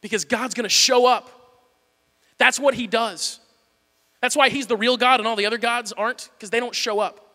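A man preaching a sermon in a church, candid and self-deprecating, moving between hushed talk and shouting. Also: extremely high pitch, fairly even intonation, normal speed, long reverb tail. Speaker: pastor.

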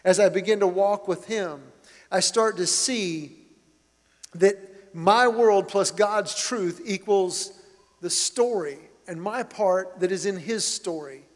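A middle-aged man preaches with a notably high voice, earnest and emphatic as he builds each point. His words ring out with the long reverb of a large church hall. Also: slow. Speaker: pastor. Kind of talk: sermon.

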